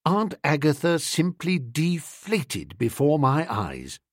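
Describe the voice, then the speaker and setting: A man's voice: on the high side, huge pitch swings, slow, slightly rough, dry recording, clean studio sound. A man reading a comic first-person story aloud as an audiobook narrator. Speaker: audiobook reader.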